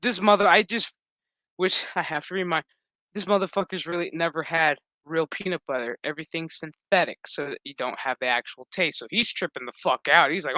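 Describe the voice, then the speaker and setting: Bright, profane, rambling man recapping. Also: fairly high pitch, brisk, no room sound. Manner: rambling, profane, acts out quotes. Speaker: show recap reviewer. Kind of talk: casual profane episode recap.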